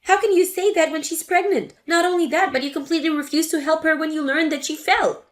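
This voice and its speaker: A woman's voice: very high voice, fast talker, faint music behind. A woman voicing an indignant adult daughter confronting her mother in a dramatic story reading. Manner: indignant, forceful.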